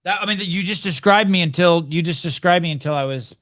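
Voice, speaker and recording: A man's voice: sits high, quick pace, no echo, clean studio sound. A man hosting a podcast, telling stories casually and acting out the dialogue, with stammered restarts. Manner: animated storyteller, acts out dialogue, stammers on restarts. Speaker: podcast host. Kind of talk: casual storytelling.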